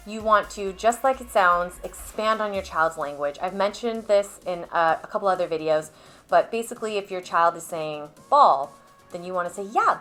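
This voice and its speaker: A woman speech therapist patiently explaining to parents how to build a child's language at home, stepping through clear examples. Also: fairly low pitch, a bit bright. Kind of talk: instructional video talk to parents.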